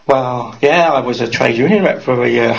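A man's voice: mid-range voice, moderate pace, creaky, breathy edge, low-quality recording. A middle-aged man with a mixed Birmingham and Geordie accent, rambling through his life story in an interview and often ending with tag questions. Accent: mixed Birmingham, Geordie and Welsh. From Wales, raised in Birmingham.

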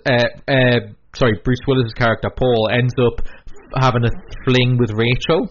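A man's voice: mid-range voice, fairly even intonation, moderate pace, lo-fi sound, slight background noise. A man in casual chat who rambles with many fillers and restarts and acts out quoted lines.

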